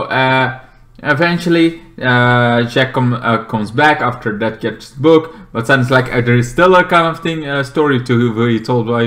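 A man recapping a TV episode in a loose, rambling way, full of fillers and restarts, with excited squeals in between. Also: mid-range voice. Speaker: TV show reviewer.

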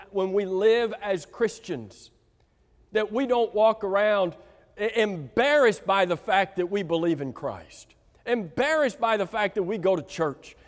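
A man preaching a sermon to a congregation, emphatic and slowing down to stress key words, often asking them direct questions. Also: high voice. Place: church sanctuary. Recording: reverberant church hall.

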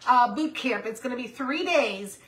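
With a slightly bright voice on the high side, this woman speaks at normal speed with lively intonation over slight background noise. In her fifties, she hosts a casual crafting stream, chatting with viewers, reading their comments aloud and calling to her puppy.

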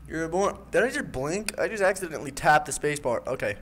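A man's voice: on the high side, very animated, moderate pace, fairly bright tone. A man playing a horror game, joking and nervously talking to the monsters on screen, with a desk microphone. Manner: jumpy and jokey, talking to the animatronics. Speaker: gaming YouTuber. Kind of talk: horror game let's play commentary.

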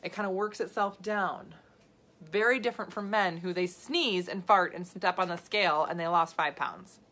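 A woman nutrition coach hosting a live video, answering viewer questions in an animated, chatty way with lots of asides and laughs. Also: fairly low pitch, normal speed. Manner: animated, gesturing a lot while talking.

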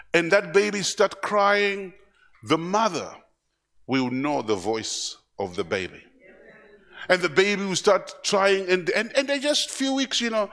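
A man preaching a live church sermon, animated, repeating words and acting out voices as he goes. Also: high-pitched. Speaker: pastor. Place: church service.

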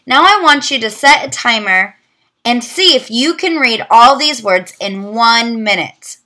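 A young woman teacher giving a virtual phonics lesson, sounding out words slowly. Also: on the high side, lively intonation, sharp tone.

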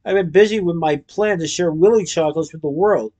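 A man voicing a whimsical, hopeful young male chocolatier who speaks softly and earnestly. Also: fairly high pitch, a little fast, natural voice.

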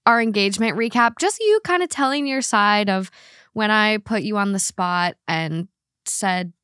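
A woman at a middle pitch co-hosts a podcast in relaxed, casual chat, swearing now and then. Her voice sounds dry and close. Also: moderate pace, clear, resonant tone, dry recording. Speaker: podcast co-host.

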